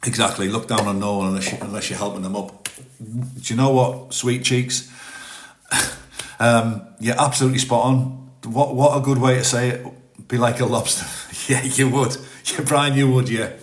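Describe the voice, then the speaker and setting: A man's voice: mid-range voice, fairly even intonation, normal speed. A chatty man with a mixed British accent, part Welsh, Manx and Teesside, rambling casually on a phone live stream from his home and answering viewer comments. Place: home in Spain. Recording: roomy echo.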